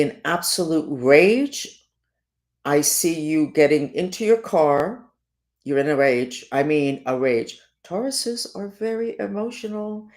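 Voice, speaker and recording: A woman presenting weekly horoscopes in an unscripted monologue, animated and emphatic, swinging between loud stresses and quiet asides. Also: sits low.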